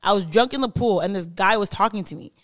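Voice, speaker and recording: A woman's voice: medium pitch, quick pace, dry recording, clean studio sound. A young woman co-hosting a podcast, chatting casually and telling stories in a blunt, emphatic way. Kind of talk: casual chat.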